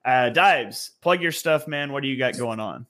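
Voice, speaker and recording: A man's voice: mid-range voice, expressive, normal speed, a bit bright. A man hosting a casual sports podcast, chatting loosely with his panel over a remote call. He laughs often and keeps the talk moving between guests. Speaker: podcast host.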